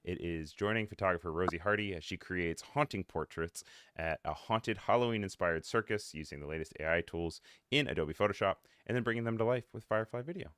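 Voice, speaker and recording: A young man hosts a live online show in a smooth, clean voice that sits a little low for a man. He talks in a friendly, chatty way and laughs easily. The sound is close and dry. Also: a little fast, a bit bright, no echo. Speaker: livestream host. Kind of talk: upbeat live show hosting.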